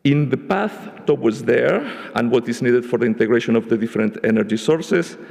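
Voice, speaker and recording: A man giving a measured spoken summary of a panel discussion at a conference, often restarting his phrases. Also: medium pitch, lively intonation, gravelly, darkish tone. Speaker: panel rapporteur. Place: large conference hall. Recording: echoey conference hall.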